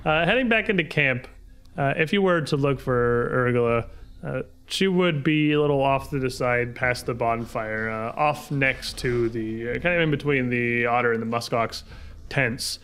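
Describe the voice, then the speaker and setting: A man narrating as game master in a tabletop game, chatty and quick to laugh. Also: medium pitch, clear, resonant tone. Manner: chatty, laughs often, lively delivery.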